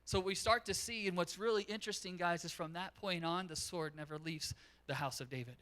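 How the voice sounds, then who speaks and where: A man pastor preaching a sermon in a church, telling a story in an animated way. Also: high-pitched, brisk. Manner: animated storytelling, acts out quotes.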